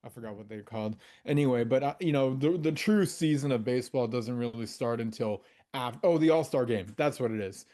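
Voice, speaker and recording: A man's voice: medium pitch, fairly quick, few pauses, dark tone. A man co-hosting a casual movie podcast over a video call, explaining his pick in enthusiastic, meandering talk. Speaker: podcast co-host. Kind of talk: casual chat among friends.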